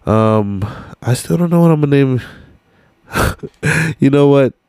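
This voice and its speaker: A man's voice: mid-range voice, expressive, takes it slowly, darkish tone, smooth, no echo. Sleepy, laid-back man rambling on a podcast. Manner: laid-back, profane street slang with many fillers. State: sleepy and tired late at night. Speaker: solo podcast host. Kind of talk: casual rambling podcast chat.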